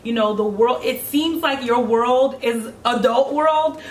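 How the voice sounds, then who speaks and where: A woman in her twenties from Brooklyn talks in a slightly high voice, blunt and animated, swearing freely. She is heard in an echoey room with faint hiss behind. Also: unhurried, recorded from a distance. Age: 20s. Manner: animated, blunt and profane, laughing often. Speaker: guest. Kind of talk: casual chat.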